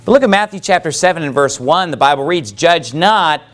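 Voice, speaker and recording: A man's voice: a little high, lively intonation, a little fast, a bit bright. A man preaching a sermon who reads scripture aloud and breaks into casual asides. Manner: preaching with rising emphasis, reads scripture in King James wording; conversational asides with fillers. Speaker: pastor.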